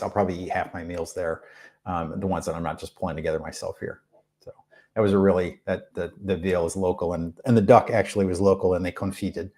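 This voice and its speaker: A man with a fairly low voice talks loosely to his live-stream viewers and drifts from one topic to the next. He fills his pauses with plenty of ums and uhs and keeps a laid-back, unhurried flow. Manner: rambling, relaxed, many fillers. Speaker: music channel host. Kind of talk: live stream chat answering questions. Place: rented room abroad.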